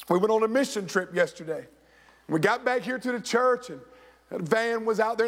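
A man with a high, fairly bright voice preaches as pastor in a church sanctuary. Storytelling drives his sermon, and he acts out what the people in it say; the sound bounces around the echoey hall.

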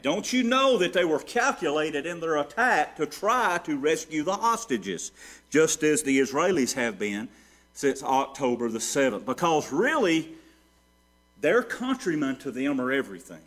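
A man preaching a sermon, moving from hushed storytelling to ringing rhetorical questions that he answers himself. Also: on the high side, sing-song, moderate pace. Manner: preaching with sweeping swings between soft and loud. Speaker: pastor.

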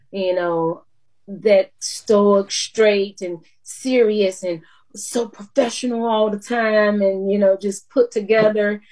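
A woman's voice: medium pitch, a little mellow. A woman, a TV news anchor, chatting in an interview in a down-to-earth way and laughing often. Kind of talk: casual interview chat.

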